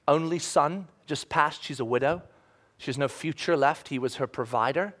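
A man preaching a sermon with passion, acting out the voices of people in his stories and swinging between loud bursts and hushed lines. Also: a little high, moderate pace. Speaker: pastor.

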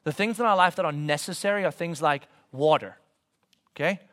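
A man giving a conversational sermon as a pastor, swinging from loud emphasis to soft whispers and asking his listeners questions. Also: fairly high pitch, brisk. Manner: conversational, asks the congregation questions.

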